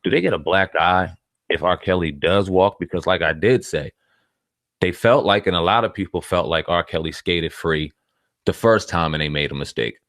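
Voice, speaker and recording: A man's voice: low voice, moderate pace, dry recording, clean studio sound. A man co-hosting an online news chat, talking bluntly and with plenty of swearing. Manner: blunt, profane, animated. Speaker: co-host. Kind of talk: casual news commentary.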